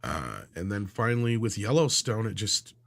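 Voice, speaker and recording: A man's voice: big pitch swings, normal speed, vocal fry, fairly bright tone. A man co-hosting a live entertainment-news stream, chatting casually with lots of fillers and trailing off at sentence ends. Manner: rambling, filler-heavy, trails off low. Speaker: livestream co-host.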